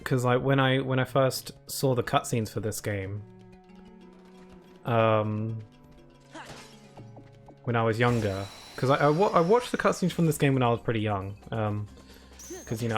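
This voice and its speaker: A young man casually commenting while he plays a game, rambling and often restarting his sentences. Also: medium pitch. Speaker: streamer.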